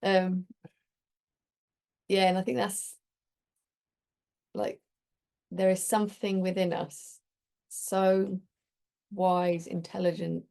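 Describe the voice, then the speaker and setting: A woman's voice: lowish voice, level tone, takes it slowly, vocal fry, pauses often, mellow. A woman hosting a community group, talking in a chatty, reflective way and telling stories with many restarts. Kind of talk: casual reflective talk.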